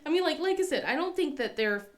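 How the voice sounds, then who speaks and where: A woman's voice: high voice, expressive, fast. A woman in her thirties, sick with a cold, chatting casually as a crafting vlogger, laughing often and acting out her kids' voices. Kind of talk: casual chat.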